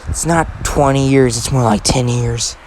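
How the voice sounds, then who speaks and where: A man's voice: medium pitch, fairly even intonation, unhurried, darkish tone, slight background noise, close to an everyday voice. Man doing a teasing, upbeat young woman in a told story; light and playful.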